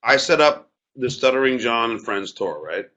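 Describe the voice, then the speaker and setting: A man defending himself on a talk show, telling a story with halting, stammered, repeated words. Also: mid-range voice, animated, a bit bright. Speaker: comedian and show host. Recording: dull lo-fi sound.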